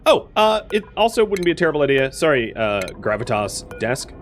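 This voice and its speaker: A young man talks through his colony-building game in a relaxed let's-play ramble. His pitch swings up and down a lot, and he keeps stopping to correct himself. Faint music plays under his voice. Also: a little fast. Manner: rambling and self-correcting, with frequent fillers. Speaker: gaming streamer. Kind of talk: casual let's-play commentary.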